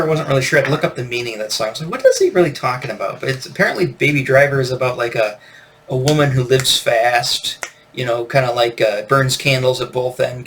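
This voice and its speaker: A man talking loosely about a classic rock record in a relaxed review. He rambles, circles back on himself with fillers, and breaks into laughter often. His voice sits at an ordinary middle pitch for a man. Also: a little hiss or hum. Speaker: album reviewer.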